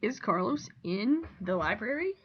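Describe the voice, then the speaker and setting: A woman's voice: mid-range voice, sing-song, fairly bright tone. Woman teacher explaining, slightly lo-fi. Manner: clear, deliberate explaining with example sentences read aloud. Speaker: Spanish teacher. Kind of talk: recorded classroom lesson.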